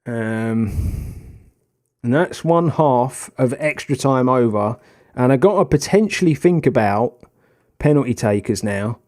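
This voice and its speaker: A young man commentating on his own football management game, swinging from tactical muttering to excited shouts. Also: medium pitch, unhurried. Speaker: gaming video host. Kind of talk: casual gameplay commentary.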